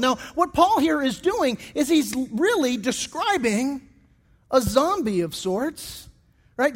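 A middle-aged pastor preaches in a fairly high voice, telling stories loosely with frequent restarts and filler words to cover pauses. His voice rings out into the long reverb of a hall.

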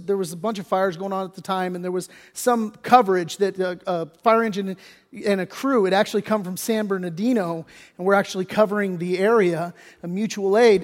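A man's voice: sits high, in a large hall. A male pastor preaching a sermon in an emphatic, folksy way, his voice swelling into bursts of intensity.

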